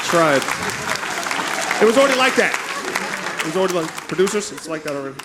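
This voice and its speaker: A man doing stand-up comedy, telling stories in a lively, profane way on a club stage with a handheld mic. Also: fairly high pitch, fast talker, over a noisy crowd, very noisy. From United States. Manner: animated, profane storytelling. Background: audience laughter.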